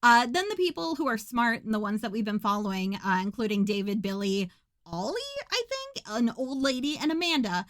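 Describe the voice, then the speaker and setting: A woman's voice: on the high side, big pitch swings, a little fast, a bit bright, dry recording. A woman co-hosting a podcast, recapping a film in a sarcastic, joking way and laughing often. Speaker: podcast co-host.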